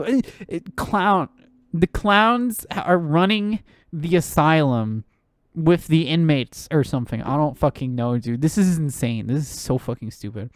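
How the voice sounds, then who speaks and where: A woman's voice: sits low, expressive, measured pace, no echo, clean studio sound. A woman streamer ranting about the news in casual live commentary, swearing, laughing and filling her talk with "like".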